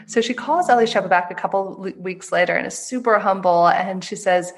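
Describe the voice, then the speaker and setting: A woman who is a guest author on an interview show, telling stories with animation and acting out quoted voices with sudden jumps in pitch. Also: a little fast, few pauses.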